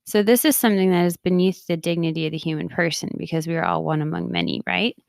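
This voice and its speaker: A woman's voice: on the low side, expressive, fast talker, vocal fry, no room sound, studio quality. A woman in her thirties, a podcast host and coach, talking casually and often laughing at herself. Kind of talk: casual personal talk.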